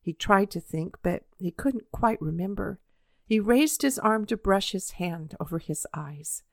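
A woman reading a children's story aloud in a measured, expressive way. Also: mid-range voice, no echo, studio quality.

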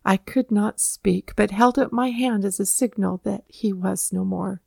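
A woman reads aloud in a measured, solemn way, with her voice held at a middle pitch. Her tone is gravelly, and the recording is dry and close. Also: a little mellow, no room sound. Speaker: narrator. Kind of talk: read-aloud historical narration.

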